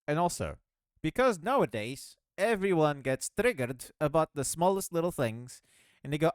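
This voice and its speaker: A man talks through his game development in a loose, rambling way, often laughing at himself. His voice is smooth and clear, with a pitch that swings around a lot. The recording is close and dry. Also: big pitch swings, normal speed, no room sound. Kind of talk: casual rambling devlog commentary.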